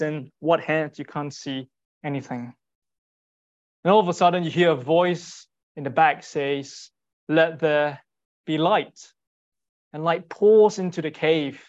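Earnest man preaching, lo-fi sound. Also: fairly high pitch. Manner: earnest, rhetorical, with repeated short phrases and pauses. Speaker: speaker giving a Bible talk. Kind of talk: sermon.

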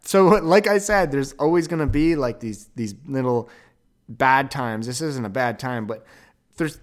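A young man hosting a podcast, telling a rambling story with quick self-corrections and an upbeat, animated manner. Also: mid-range voice. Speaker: podcast host. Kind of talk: casual monologue.

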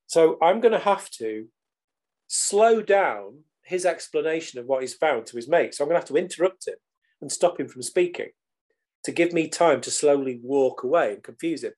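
Middle-aged man, animated storyteller, swears casually, fairly high voice. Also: normal speed. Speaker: podcast guest. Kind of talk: storytelling in conversation.

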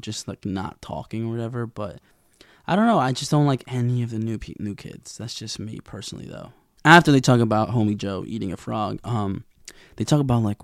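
In a gravelly, low voice with vocal fry, a young man casually recaps a TV episode, rambling in slang and acting out the characters' lines. The studio-quality audio has no room sound.

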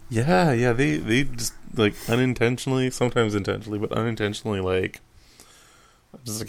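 Brisk and steady, with a medium-pitched voice and vocal fry, this young podcast co-host rambles and cracks crude jokes in a casual chat, leaning heavily on fillers.

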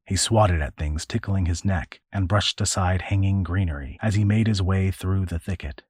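A man narrating a storybook adventure in a measured, storytelling voice. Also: sits low, darkish tone, husky, no room sound, studio quality. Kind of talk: audiobook narration.

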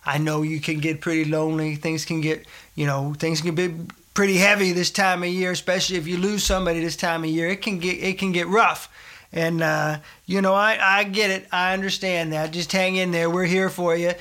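A man's voice: sits high, flat delivery, fairly quick, sharp tone. A middle-aged man doing a comic monologue as a folksy preacher, rambling and calling out to brothers and sisters. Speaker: comedic preacher persona.

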